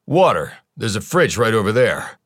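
A nervy, well-off middle-aged husband, as a male narrator gives him voice, low-pitched but jumping up when frightened. The recording is dry and close. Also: animated, moderate pace, fairly bright tone, dry recording. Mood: frantic. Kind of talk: audiobook character voice.

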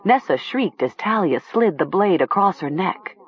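An audiobook narrator reading a horror story with slow, expressive storytelling. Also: mid-range voice, breathy edge, highs cut off.

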